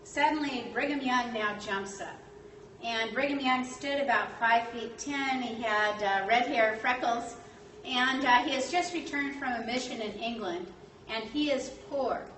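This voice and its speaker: A woman telling a history story in a lively way, acting out the quotes and using lots of fillers. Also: a little high, a little slow. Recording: echoey room, distant mic, faint noise.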